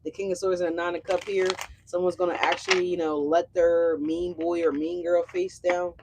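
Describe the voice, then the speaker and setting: There's background noise as a woman with a lowish voice reads tarot at normal speed, her delivery flat. Casual and brash, she swears liberally and talks directly to whoever's watching.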